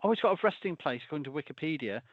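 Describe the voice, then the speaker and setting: A man, a folklorist appearing as a guest, talks very fast and animatedly at a fairly high pitch in a casual conversation. He rambles, restarts his sentences, and laughs through asides, on a dull, dry recording with no echo.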